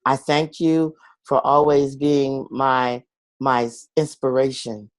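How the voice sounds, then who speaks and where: A male guest in an interview earnestly tells his personal story in a confessional way, acting out the voices of people he quotes. His mid-range voice has little pitch movement and a slow pace, and the sound is dry with no room sound.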